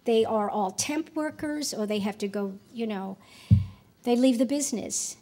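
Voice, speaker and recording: An older woman speaks from a convention stage with a high, bright voice. She talks earnestly and with animation, restarting phrases as she goes and slipping into quoted lines. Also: a little slow. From United States. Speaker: keynote speaker. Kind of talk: convention keynote speech. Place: convention hall.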